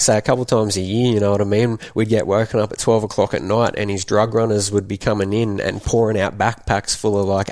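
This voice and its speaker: A man tells his own story as a podcast guest. His talk rambles, and he keeps adding "you know what I mean". His voice sits a little low and is recorded close and dry, with no room sound. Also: darkish tone, dry recording. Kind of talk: candid personal storytelling.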